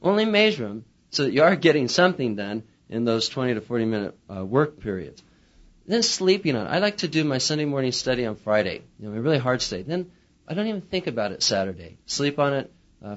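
A man teaching pastors in a humorous, chatty lecture, acting out little quotes as he talks. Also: mid-range voice. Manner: chatty, animated, acts out quotes. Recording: muffled lo-fi recording.

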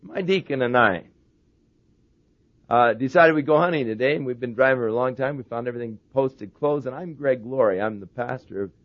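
A man voicing a pastor in a joke, speaking low and confiding. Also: brisk, dry recording, close to an everyday voice. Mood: scheming. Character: a pastor in a joke, hushed and plainspoken. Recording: dull lo-fi sermon recording.

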